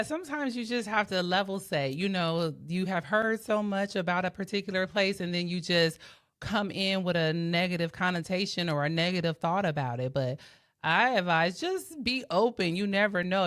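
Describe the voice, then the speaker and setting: A woman's voice: fairly low pitch, a bit bright. A woman hosting a reaction video, chatting conversationally and speaking straight to her viewers. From Washington DC area. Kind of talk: casual reaction commentary.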